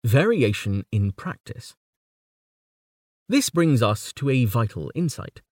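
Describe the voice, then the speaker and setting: A man reading a scripted lecture in a measured, precise way, letting quoted lines of verse slow down and swell. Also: mid-range voice, very animated, a little mellow, dry recording, clean studio sound. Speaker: lecturer on poetry. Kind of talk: scripted educational narration.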